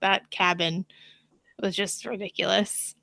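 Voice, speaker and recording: Woman, bright crisp voice, gushing, says like a lot, dry room. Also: medium pitch, flat delivery, a little slow, dry recording. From United States. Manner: enthusiastic, lots of "like". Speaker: podcast co-host. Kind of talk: casual chat.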